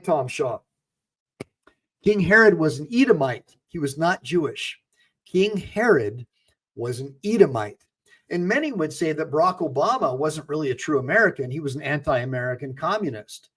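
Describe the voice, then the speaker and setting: A man's voice: a little high, lively intonation, normal speed, a bit bright, husky. A middle-aged man hosting a livestream, talking emphatically to his viewers, often repeating himself and preaching. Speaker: attorney and channel host.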